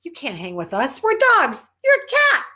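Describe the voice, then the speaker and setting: A woman voicing a pack of teasing dogs in a children's story, high, loud and mocking. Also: wildly swooping pitch, normal speed, exaggerated voice.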